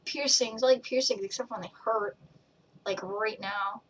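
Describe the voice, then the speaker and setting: Slightly distant from the mic amid faint background noise, this young woman vlogger, who also runs a page, talks to camera at a moderate pace in a steady, mid-range, somewhat bright voice. Her chat wanders across tangents, and she plays out people's quotes as she goes.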